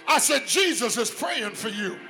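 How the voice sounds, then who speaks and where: Male preacher, very high and piercingly bright, sing-song whoop, shouted peaks, congregation call-outs. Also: lively intonation, moderate pace, faint music behind. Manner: calls out to the congregation. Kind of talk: sermon.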